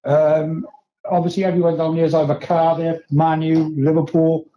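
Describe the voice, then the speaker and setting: A man phoning in to a football talk show, nervous and halting as he rambles. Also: fairly high pitch, little pitch movement, dull audio, a little hiss or hum. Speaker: phone-in caller. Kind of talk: casual chat.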